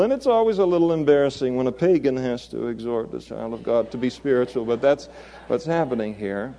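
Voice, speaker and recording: A man's voice: mid-range voice, brisk, mellow, muffled recording. A man preaching an expository sermon in a conversational way, chuckling and adding playful asides.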